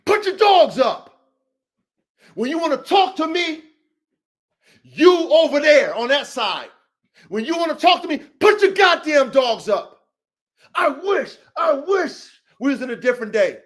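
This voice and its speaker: High-voiced man ranting profanely. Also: sing-song, a little slow, long pauses. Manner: profane, swings from low muttering to heated shouting; repeats and trails off into restarts. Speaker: podcast host and dog breeder. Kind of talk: rant to viewers.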